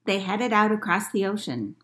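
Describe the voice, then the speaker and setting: A woman librarian reading a picture book aloud to children in an expressive storytelling manner. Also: mid-range voice, normal speed.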